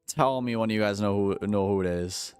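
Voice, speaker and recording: Joking low-voiced male streamer. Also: moderate pace, clear, resonant tone, no room sound, faint music behind. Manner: joking, slangy, talks to chat. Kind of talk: casual live-stream chat while gaming.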